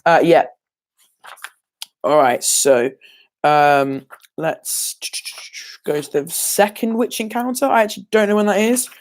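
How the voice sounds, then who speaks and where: A man's voice: fairly high pitch, fairly even intonation, measured pace, pauses often. A teenage boy revising for an exam on a casual livestream, rambling and hesitant, full of ums and self-corrections. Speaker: student sharing exam revision.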